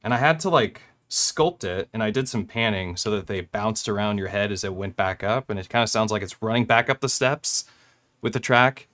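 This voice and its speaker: A man's voice: on the low side, moderate pace, a bit bright. A young man casually walking through how he made a track on his hardware, rambling a little and correcting himself with small laughs. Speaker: music producer demonstrating gear. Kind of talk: casual gear tutorial.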